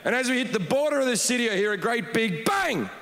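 A man telling a stand-up story on stage, deadpan with sudden shouted outbursts. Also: very high voice, fast talker. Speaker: stand-up comedian. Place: large comedy hall with audience. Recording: reverberant hall, noisy crowd.

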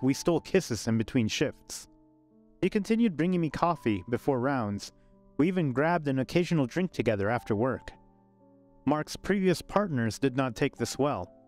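A man narrating a scripted first-person love story in a calm, even way. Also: mid-range voice. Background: faint background music.

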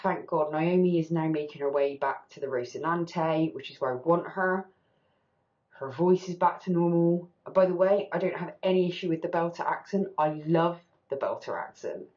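A woman's voice: low voice, normal speed, darkish tone, dull audio. A woman hosting a TV reaction channel, talking candidly and with animation, swearing casually as she reacts.

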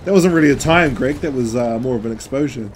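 A man chatting with friends while playing an online shooter. He shouts and swears when things go wrong. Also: medium pitch, fast, faint music behind. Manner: excitable, swears loudly, shouts when killed. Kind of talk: casual gaming chat.

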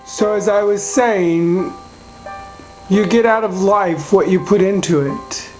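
A man's voice: high voice, slow pace, a little mellow, soft background music, poor audio. A man in his forties from Fresno, California, speaking to camera in a heartfelt video monologue. He is a little emotional and rambles earnestly, with many ums and restarts. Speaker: vlogger father.

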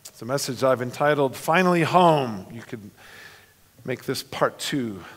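A man's voice: medium pitch, normal speed, husky. A man preaching a sermon as pastor, earnest and storytelling, building emphatic lists. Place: church sanctuary. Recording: long reverb of a church hall.

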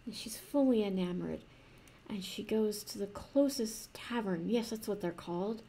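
A woman improvising a fantasy story in a rambling, soft manner, with restarts and playful asides. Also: mid-range voice, moderate pace, creaky, a little hiss or hum.

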